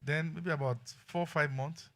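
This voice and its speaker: A middle-aged man with a Nigerian accent preaching a sermon, shifting between quiet asides and loud exclamations. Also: on the high side, steady tone, moderate pace. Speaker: pastor.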